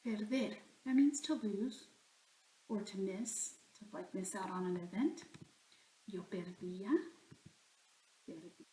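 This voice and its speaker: A woman's voice: mid-range voice, steady tone, unhurried, long pauses, dark tone, roomy sound, a little hiss or hum, low-quality recording. A woman teaching a recorded grammar lesson, explaining patiently step by step. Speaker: Spanish teacher.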